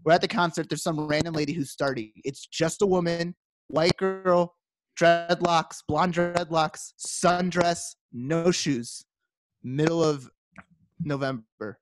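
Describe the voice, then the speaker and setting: Higher-voiced man telling a story. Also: slow pace. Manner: animated, acts out quoted dialogue. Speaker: podcast co-host. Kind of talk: casual storytelling.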